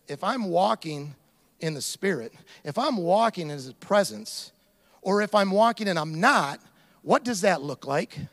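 High-voiced man preaching with animated asides. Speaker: pastor. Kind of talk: sermon.

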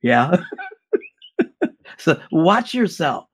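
A man giving blunt, animated relationship advice in a casual chat. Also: fairly high pitch, very slow, husky.

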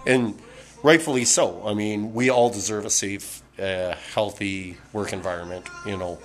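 A man's voice: fairly low pitch, steady tone, moderate pace, soft background music. A middle-aged man from Canada hosting a podcast, ranting casually with lots of swearing, fillers and restarts, a bit tipsy from beer. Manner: profane, rambling, many fillers and restarts. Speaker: podcast host.

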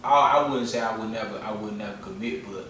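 A man's voice: on the low side, brisk, fairly bright tone, heavy reverb, far from the mic, a little hiss or hum, low-quality recording. A man in casual podcast chat, slangy and rambling, often repeating himself.

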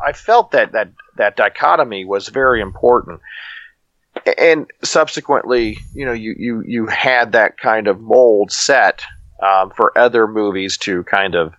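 A man hosting a casual movie review podcast, talking in a reflective, halting way as he searches for words and hands the floor to the panel. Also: lowish voice, a bit bright, no echo, dull audio. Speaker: podcast host leading the panel.

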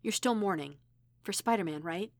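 A woman voicing a protective middle-aged aunt, sharp and scolding at times, tender at others, in an audiobook reading. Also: medium pitch, animated, moderate pace, no echo, lightly acted. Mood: soothing.

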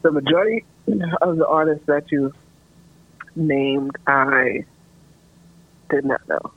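A man's voice: medium pitch, steady tone, takes it slowly. A man co-hosting a podcast in casual chat, giving short teasing replies. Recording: muffled lo-fi sound.

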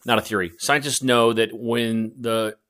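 Male co-host, mid-pitched, measured and hesitant, lots of ums; relaxed casual chat.

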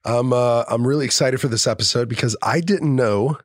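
A man's voice: mid-range voice, a little fast, dry recording, studio quality. A man hosting a podcast, talking in an earnest, grateful, effusive way. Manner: warm, earnest and effusive with praise. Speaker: podcast host. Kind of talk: casual podcast interview.

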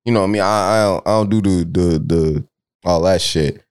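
A young man with a Mississippi accent, chatting casually as a podcast co-host, loud and animated with lots of slang. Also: low-pitched, moderate pace, clear, resonant tone. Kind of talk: casual chat.

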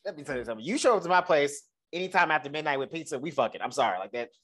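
A man co-hosting a casual chat about a TV episode, animated, laughing often and swearing freely. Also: on the high side, racing. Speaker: podcast co-host.

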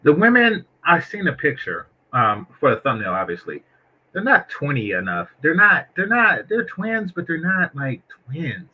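A man's voice: fairly high pitch, wildly swooping pitch, normal speed, breathy edge, dull audio. A man giving blunt, crude, joking commentary on a clip in casual talk. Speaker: reaction video commentator.

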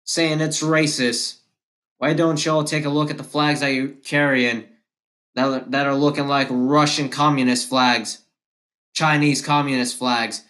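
A man hosting his own podcast. He delivers a political monologue at an unhurried, deliberate pace, hammering the same phrases again and again with combative passion. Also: mid-range voice, fairly bright tone. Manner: impassioned, repetitive and combative. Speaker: podcast host.

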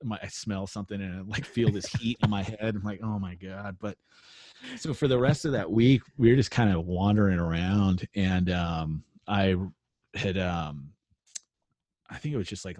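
A man with a very low voice tells a loose, rambling story, leaning on fillers and cursing freely. He sounds like a touring musician chatting on a podcast. The sound is dry and close, with no room around it. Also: darkish tone, dry recording. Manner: rambling, profane, laid-back storytelling with many fillers. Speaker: musician guest. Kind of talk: casual storytelling chat.

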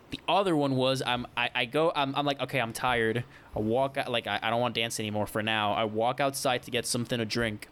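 A man's voice: medium pitch, a bit bright, clean tone. A young man on a podcast telling a story in a casual, rambling way, with many restarts and acted-out quotes. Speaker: podcast co-host.

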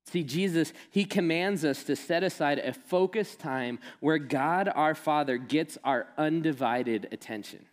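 A man's voice: a little high, a little slow. A man giving a sermon, telling stories and mixing in casual humor. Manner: storytelling, animated and laughing when quoting friend. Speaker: pastor. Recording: long hall reverb.

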